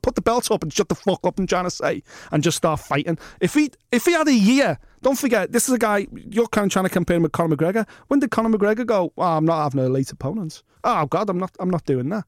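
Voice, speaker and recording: A man's voice: high-pitched, no room sound, studio quality. A man co-hosting a sports podcast, talking casually and bluntly, swearing freely and ranting. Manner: blunt, swears freely, rants with mock quotes. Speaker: podcast co-host.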